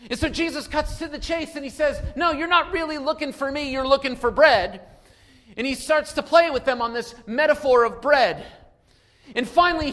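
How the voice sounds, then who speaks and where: A man preaching a sermon without notes, moving between quiet asides and loud emphatic calls. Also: extremely high pitch. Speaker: pastor.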